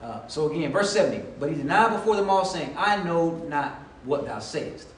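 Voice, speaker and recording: A fairly high-voiced man delivering a sermon, talking with his congregation and acting out his characters' lines. He sounds set back from the mic in an echoey room with faint ambience behind him. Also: animated, normal speed, recorded from a distance, slight background noise. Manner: conversational preaching, acting out quoted voices. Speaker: preacher.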